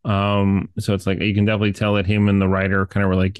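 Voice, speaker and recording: Low-voiced rambling man, dry sound. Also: completely flat delivery, fast talker, clear, resonant tone, dry recording. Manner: rambling, many fillers, profane. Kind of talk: casual movie review chat.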